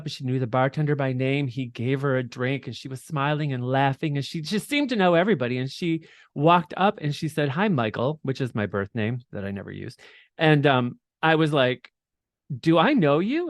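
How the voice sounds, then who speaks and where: A middle-aged man recounts his past as an interview guest, candid and animated, with frequent laughter and loose swearing. His voice sits at an ordinary middle pitch. The recording is dry and close, with no room sound. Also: moderate pace, no echo. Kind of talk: candid storytelling.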